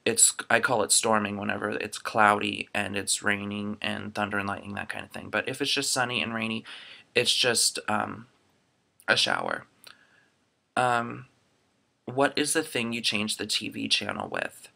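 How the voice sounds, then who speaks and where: Young man from Florida, low gravelly voice, bright tone, chatty and rambling, laptop webcam. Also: lively intonation, normal speed. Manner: chatty, rambling, many ums. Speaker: vlogger. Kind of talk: casual dialect survey reading.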